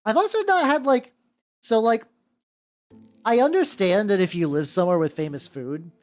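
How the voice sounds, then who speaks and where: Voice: medium pitch, animated, moderate pace, a little mellow. A VTuber streamer chatting casually while painting miniatures, rambling and joking, with lots of "like"s and restarts. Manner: rambling, many "like"s and restarts, jokey.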